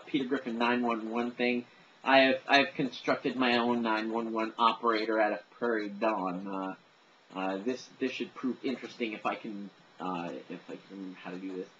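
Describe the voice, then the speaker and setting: A man with a mid-range, slightly bright voice chats casually to camera while demonstrating his voices, rambling and poking fun at himself. The recording is dull and lo-fi with faint noise.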